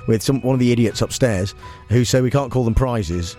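Deadpan radio host, man. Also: mid-range voice, brisk, soft background music. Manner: deadpan, mock-serious. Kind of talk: comic talk radio banter.

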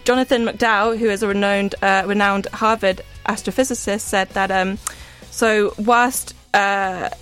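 A woman's voice: mid-range voice, steady tone, measured pace, hardly any pauses, a bit bright, clear, resonant tone, soft background music. A young woman reviewing gadgets on a radio show, giggly and hesitant with many fillers, on a studio microphone. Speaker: work experience gadget reviewer. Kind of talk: radio news chat.

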